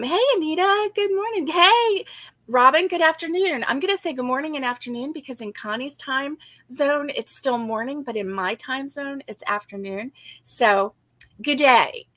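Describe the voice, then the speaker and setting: A chatty woman hosting a relaxed crochet session. Her voice is bright and a bit high, and it sits dry and close to the mic. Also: unhurried, no room sound. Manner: chatty, giggly, greets viewers by name. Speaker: crochet co-host. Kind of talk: casual crochet-along chat.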